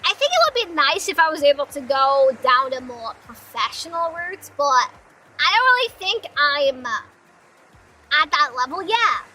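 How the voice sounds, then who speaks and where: A young woman streamer chats with her viewers, playful and giggly with quick self-deprecating banter. Her voice is high and bright and bounces all over the place. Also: sing-song, poor audio. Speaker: streamer, part-time voice actor. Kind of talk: casual live-stream chat.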